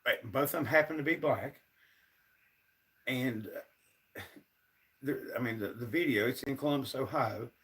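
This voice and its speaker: A man's voice: mid-range voice, moderate pace, long pauses, fairly bright tone, recorded from a distance. Frustrated man ranting on a livestream. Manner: frustrated, ranting, talks straight to viewers. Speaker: livestream host. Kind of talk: casual livestream rant.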